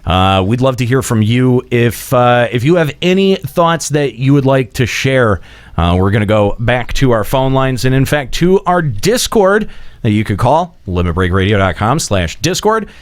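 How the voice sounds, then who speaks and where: Animated male podcast host. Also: medium pitch, moderate pace. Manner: animated, restarts often, hedging with "uh". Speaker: radio show host. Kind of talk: casual podcast talk.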